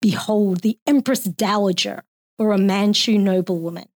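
A woman with an Australian accent reading her own poem aloud in a measured, expressive way. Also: medium pitch, dry recording, clean studio sound.

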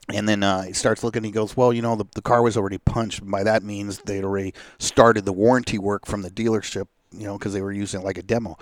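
A man's voice: lowish voice, no echo. A man tells a story in a casual chat, acting out each person's lines. He laughs often as he goes. The sound is close and dry, with no room around it. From Seattle area. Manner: animated, acts out quoted voices, laughs often. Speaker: guest telling a car story.

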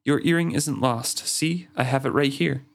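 A man's voice: medium pitch, normal speed, creaky, natural voice. Guy reading as a blunt young woman, earnest and matter-of-fact.

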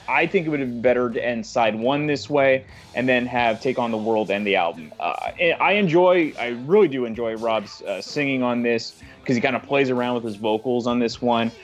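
A man giving a casual album review, hesitant, with frequent uhs and restarts. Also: medium pitch.

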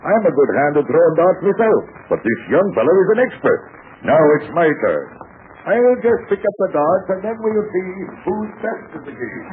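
An actor playing a blustering, mocking old sea captain in a 1940s radio drama. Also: male voice, high voice, sing-song, normal speed. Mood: boastful. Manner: boisterous, mocking, chuckling bluster. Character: blustering, taunting old sea captain, fiery-haired father. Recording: tinny scratchy 1940s radio broadcast.

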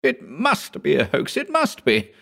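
A panicky young male assistant, his voice shooting up high and thin as he protests in disbelief, as a deep-voiced male reader puts him on. The storybook figure's outbursts come sharp and breathless, far above the reader's own register. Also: huge pitch swings, unhurried, vocal fry, slightly rough, exaggerated voice. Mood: frantic.

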